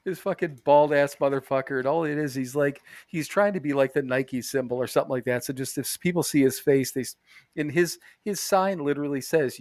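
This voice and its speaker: A podcast co-host chats casually from a bathroom, rambling, swearing a lot and laughing often. His voice is fairly high-pitched, brisk and darkish in tone, captured at studio quality with no room sound.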